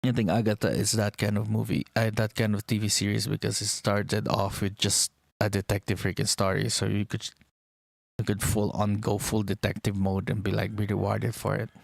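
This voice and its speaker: A young man chats in a loose, rambling way, low-pitched with a gravelly edge. He gets excited as he goes and drops casual swears. The recording is close and dry. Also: normal speed, no room sound. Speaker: vlogger. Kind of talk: casual chat.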